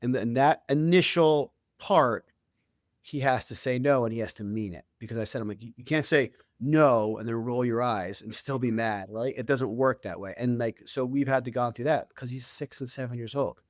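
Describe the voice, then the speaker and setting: This author and youth coach, a man in his thirties, chats conversationally as an interview-show guest, restarting often and using lots of fillers. He speaks at a medium pitch and normal speed, and the recording is dry, clean studio sound.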